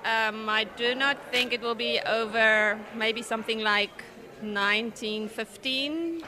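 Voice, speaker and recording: A woman's voice: on the high side, takes it slowly, sharp tone. Confident South African woman guest. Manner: confident, firm. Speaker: studio guest. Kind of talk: casual radio chat.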